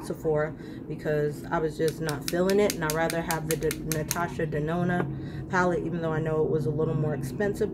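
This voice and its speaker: A woman's voice: low-pitched, heavy background noise. A woman chatting to her viewers while doing a makeup tutorial, ranting casually about lashes and palettes. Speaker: beauty vlogger.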